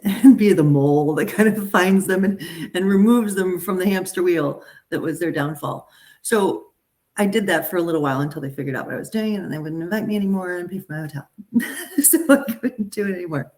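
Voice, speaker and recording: A middle-aged woman, a talent agent, talking casually and animatedly to a group. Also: on the low side. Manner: animated, chatty, frequent restarts and asides. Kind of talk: casual live talk to a group.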